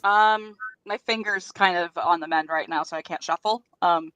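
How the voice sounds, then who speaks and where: A woman's voice: lowish voice, normal speed, a bit bright, smooth, no echo, dull audio. A woman chatting on a livestream call, bubbly and talkative. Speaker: livestream participant. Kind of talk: casual group chat.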